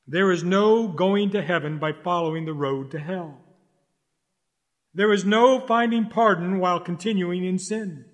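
A man preaching a sermon in an urgent, exhorting way, repeating key lines slowly for stress. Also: sits high, big-room sound.

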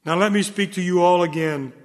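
A man delivering a solemn sermon in a measured, earnest manner. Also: high voice. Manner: solemn, measured, rises in fervor. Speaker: preacher. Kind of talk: sermon reading. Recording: long hall reverb.

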